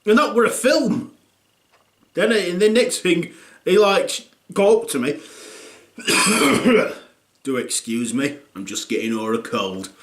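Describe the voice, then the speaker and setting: A man's voice: sits high, very animated, takes it slowly, pauses often, roomy sound, heavily acted. A man playing a blunt, crude dad in his thirties, rambling with lots of fillers in a comic monologue. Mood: gossiping. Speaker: comedy character.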